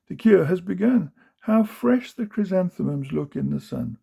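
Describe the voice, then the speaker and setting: A man voicing a brisk, self-satisfied male doctor in a storybook reading of verse. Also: high voice, lively intonation, vocal fry, dark tone, slightly rough, heavily acted. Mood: smug.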